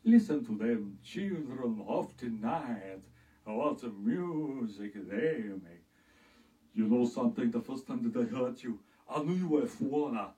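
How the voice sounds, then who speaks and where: A man doing an impression of an old vampire count, with a slow, drawn-out, theatrical drawl. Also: mid-range voice, warm tone, recorded from a distance, lightly acted, low-quality recording.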